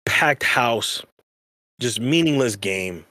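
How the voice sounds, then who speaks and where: A man's voice: medium pitch, lively intonation, takes it slowly, sharp tone, dry recording. A man co-hosting a podcast, rambling in casual slang with many restarts. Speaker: podcast co-host. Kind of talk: casual chat.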